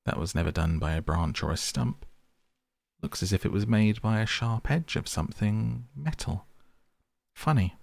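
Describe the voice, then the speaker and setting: Rat, a man doing a brisk, bossy voice. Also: lowish voice, creaky, no echo. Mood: kindly. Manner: impatient, commanding. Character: brisk, bossy male water rat, energetic.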